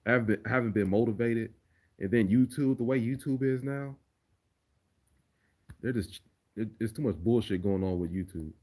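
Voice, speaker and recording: A man's voice: on the low side, moderate pace, long pauses, a little mellow. A man answering viewer questions on a casual livestream, laid-back and profane, often repeating words as he thinks. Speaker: livestreamer and remix producer.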